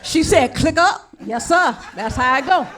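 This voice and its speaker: A woman doing stand-up, telling a story with lively dialogue and acting out both sides of phone calls. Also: high-pitched, unhurried. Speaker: stand-up comedian. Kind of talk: stand-up comedy routine.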